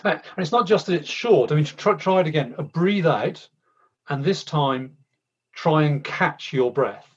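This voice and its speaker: A man's voice: fairly high pitch, expressive, slightly rough. A man preaching a sermon in a conversational way, with frequent restarts. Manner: conversational, halting with repeated restarts. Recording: slightly dull lo-fi sound.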